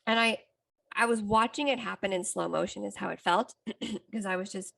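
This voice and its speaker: A middle-aged woman with a gravelly, creaky edge to her voice hosts a self-help podcast. She tells a personal story candidly and reflectively, sometimes restarting a sentence as she goes, at an ordinary mid pitch. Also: moderate pace, bright, forceful tone. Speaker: psychotherapist and podcast host.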